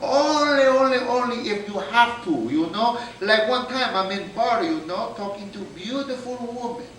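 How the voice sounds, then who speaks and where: A man's voice: extremely high pitch, lively intonation, moderate pace, a bit bright, a little hiss or hum. A man playing a brash Brazilian jujitsu fighter with a Brazilian Portuguese accent who speaks broken English and tells boastful stories. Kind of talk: stand-up impression. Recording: echoey room from far off.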